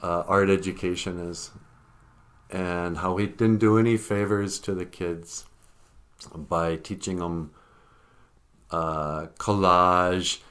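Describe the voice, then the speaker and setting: A man's voice: low-pitched, steady tone, takes it slowly, pauses often, fairly bright tone. A middle-aged man hosting his own vlog, rambling about art, laughing often and getting choked up with emotion. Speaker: vlogger host. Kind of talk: casual vlog commentary.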